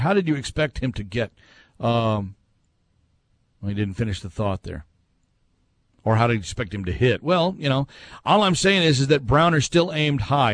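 This sports talk host has a medium-pitched voice, recorded without room sound. In a casual, conversational way, he reads out listener messages and responds with his own views.

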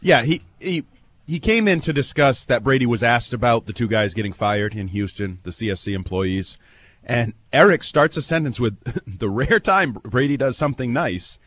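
Lively-voiced man on sports talk radio. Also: mid-range voice, moderate pace. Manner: animated storyteller who mimics others, laughs easily. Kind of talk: casual sports radio banter.

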